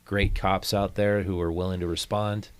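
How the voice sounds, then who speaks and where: A podcast host with a deep, low voice leads a casual interview. He talks in a relaxed, conversational way, offering encouragement between questions. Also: normal speed, smooth, no echo. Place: podcast studio.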